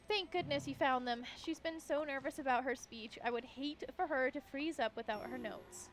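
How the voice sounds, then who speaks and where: A woman's voice: high-pitched, normal speed, close to an everyday voice. A woman reading a worried young daughter. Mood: urgent. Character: worried young woman fetching her mother's notes. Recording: faint game music behind.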